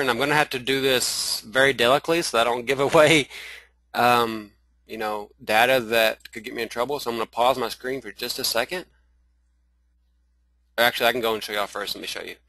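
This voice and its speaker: In a low-quality recording without echo, a Southern-accented man teaches an online marketing webinar over live screen share. His medium-pitched voice has a sharp tone, and he stumbles along in halting bursts, restarting often, filling gaps, and addressing everyone as "y'all."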